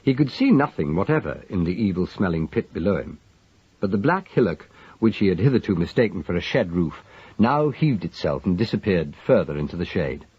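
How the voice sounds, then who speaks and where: Low husky guy reading a story aloud, animated lilt, dull lo-fi audio. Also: fairly quick, dry recording. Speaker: audiobook narrator. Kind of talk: storybook narration. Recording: dull lo-fi recording.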